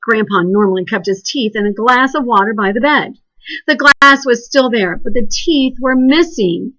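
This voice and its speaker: Encouraging, animated woman teacher. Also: fairly high pitch, moderate pace, dull audio. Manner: encouraging, animated, sing-song praise. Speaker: second grade teacher. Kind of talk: remote classroom lesson and read-aloud.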